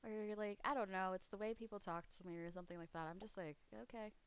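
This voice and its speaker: A woman streamer talks through her game in a loose, rambling way, laughing often and dropping casual swears. Her voice is smooth and clean, sitting at an ordinary middle pitch. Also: fairly even intonation, rapid-fire. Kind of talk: casual chat while gaming.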